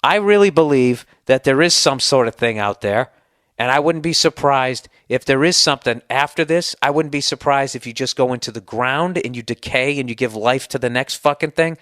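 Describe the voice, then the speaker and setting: This podcast host from the United States rants comedically, exasperated, sarcastic and profane. His mid-range, slightly bright voice moves at a moderate pace, and the studio-quality recording carries no room sound.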